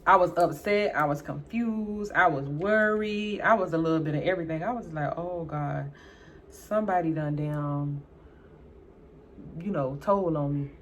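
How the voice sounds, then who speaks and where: A young beauty vlogger chats casually at normal speed while doing her makeup, with slight background noise in the recording. She uses Southern US slang, animatedly acts out both sides of a conversation, and jumps high in pitch for her own exclamations.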